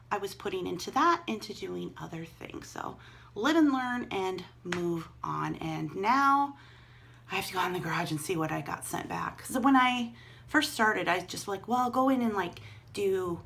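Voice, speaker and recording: A woman's voice: medium pitch, vocal fry, a bit bright, slightly rough. A middle-aged woman vlogging casually from home, chatting and thinking aloud as she handles items she resells online. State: out of breath. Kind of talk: casual vlog chat.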